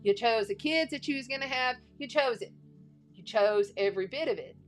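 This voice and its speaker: A woman with a drawl leads a loose, chatty tarot reading, circling back to the same phrases for emphasis. Her voice sits a little high. Soft music plays faintly under her. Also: animated, fairly quick. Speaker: astrology and tarot reader. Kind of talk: casual spiritual livestream reading.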